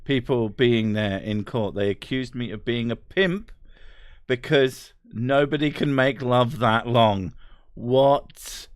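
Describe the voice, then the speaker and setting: A young man hosts a casual stream chat, his talk peppered with swearing and laughter. His voice sits mid-pitch and the sound is dry and close. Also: a little slow, no echo.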